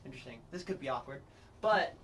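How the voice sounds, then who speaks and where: A man's voice: medium pitch, lively intonation, fast talker, fairly bright tone. A man playing a tabletop game, talking casually and hesitantly as he thinks aloud. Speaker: player. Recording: distant mic, faint noise.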